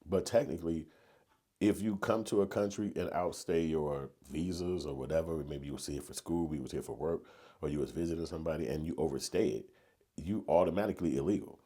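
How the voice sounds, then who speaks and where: Low, husky-voiced man ranting casually. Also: a little fast, dark tone. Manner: conversational and slangy, building to emphatic rants. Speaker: commentary vlogger. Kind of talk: casual opinion monologue.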